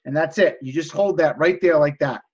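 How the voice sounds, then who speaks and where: A man's voice: fairly high pitch, a little fast, darkish tone, breathy edge, highs cut off. A man hosting a live stream, coaching viewers on negotiation and reading out chat messages in an enthusiastic salesman-like way. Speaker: host of a live stream teaching resale negotiation.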